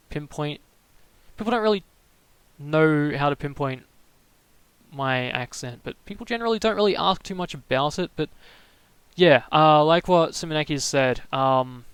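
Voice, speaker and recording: A young man from Melbourne, chatting casually on his live stream with many halting restarts, answering viewers' comments. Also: on the high side, a bit bright, clear, resonant tone, no room sound, poor audio. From Melbourne, Australia. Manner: rambling, halting, restarts sentences often.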